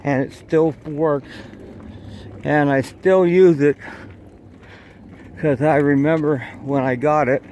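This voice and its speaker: Slow, rambling man hiking outdoors. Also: on the high side, steady tone, darkish tone, a little hiss or hum. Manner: rambling, chatty, talks to viewers while walking. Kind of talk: casual hiking vlog narration. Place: outdoors on a hillside trail overlooking a city. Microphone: phone camera held while hiking.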